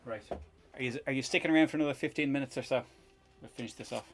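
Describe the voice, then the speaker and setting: A man's voice: medium pitch, very fast, soft background music. A man hosting a live stream in casual chat while he tinkers, rambling, laughing often and swearing casually.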